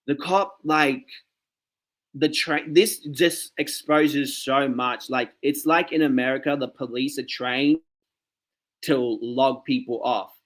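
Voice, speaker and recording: A man's voice: medium pitch, slow pace, fairly bright tone. A man giving casual reaction commentary straight to his viewers, ranting with many "okay"s and "like"s. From Australia. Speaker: commentary vlogger.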